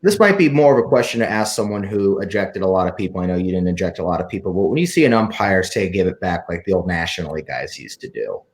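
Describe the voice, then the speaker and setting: A man's voice: sits low, lively intonation, fast, few pauses. A man hosting a podcast, asking casual interview questions.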